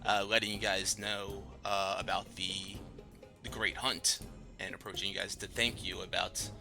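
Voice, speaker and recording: A man narrating as game master of a tabletop game, rambling with many pauses. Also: sits low, level tone, vocal fry. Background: music.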